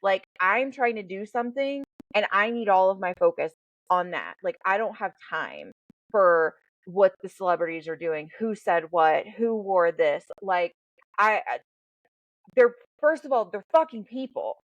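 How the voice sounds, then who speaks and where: Unhurried and medium-pitched, this podcast host and life coach talks with bluntness and candor, cursing freely as she animatedly tells stories. There's no room sound, and the highs are cut off.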